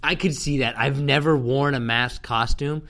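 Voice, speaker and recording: A man's voice: mid-range voice, fairly even intonation, moderate pace, fairly bright tone. A man hosting a casual podcast chat with a dry, teasing manner.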